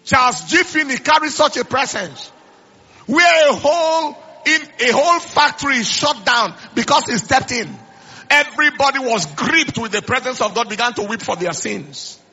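A man's voice: very high-pitched, lively intonation, normal speed, pushed and bright, husky. A middle-aged man preaching a sermon, telling stories and repeating phrases, with stammered restarts. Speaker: pastor. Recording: slightly dull lo-fi sound.

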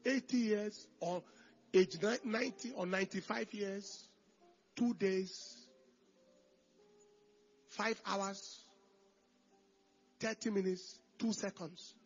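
Raspy high-voiced man preaching with fervor. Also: highs cut off. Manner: emphatic, repeats phrases, swings from hushed to shouted declarations. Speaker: pastor. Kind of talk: sermon.

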